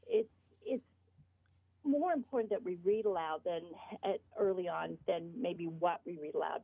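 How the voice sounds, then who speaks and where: A woman's voice: fairly low pitch, gravelly, husky, no echo. Woman guest on a tinny phone line. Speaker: author guest. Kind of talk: interview over the phone.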